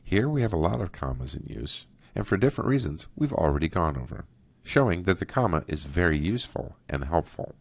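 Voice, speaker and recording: A man teaching a writing workshop, reading example sentences aloud in a slow, deliberate way. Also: low-pitched, big pitch swings, creaky, breathy edge, dry recording. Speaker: writing instructor. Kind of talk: recorded grammar lesson.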